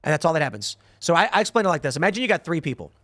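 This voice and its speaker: A man's voice: a little high, racing, dry recording, clean studio sound. A man hosting a podcast, reading viewer comments aloud in casual chat and acting out quotes as he tells stories. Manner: animated storytelling with acted-out quotes. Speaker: podcast host.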